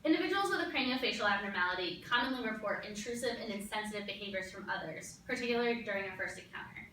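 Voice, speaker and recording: A woman's voice: mid-range voice, lively intonation, quick pace, sharp tone, slight background noise. A young woman giving a graduate capstone presentation, earnest and explanatory, with frequent ums, in a classroom. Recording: echoey room, recorded from a distance.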